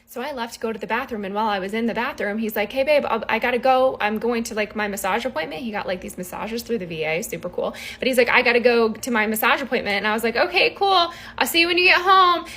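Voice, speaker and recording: A woman's voice: a little high, animated, fairly quick, bright, forceful tone. A woman in her thirties telling a rambling, exasperated story straight to camera as a vlogger.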